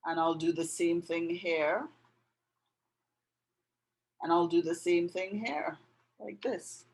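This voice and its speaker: Woman, art tutor, unhurried, lowish voice, step-by-step narration. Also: low-quality recording. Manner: gentle, narrates each step while drawing. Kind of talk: casual drawing tutorial. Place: indoors with passing road traffic.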